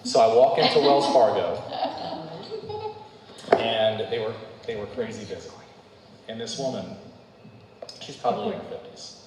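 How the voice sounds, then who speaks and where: A man's voice: fairly low pitch, moderate pace, long pauses, noisy background. A man speaks casually with family, teasing them and then launching into a story. He sits far from the microphone, and the room around him is very echoey. A faint ambience hums behind him. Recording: distant, very echoey room recording.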